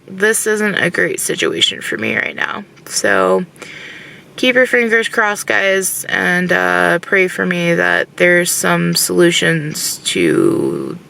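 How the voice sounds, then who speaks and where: Brief: woman vlogger, casual rant from her car, frustrated and rambling, bright tone with vocal fry. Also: lowish voice, sing-song, takes it slowly, rough recording. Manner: frustrated, rambling, says "like" constantly.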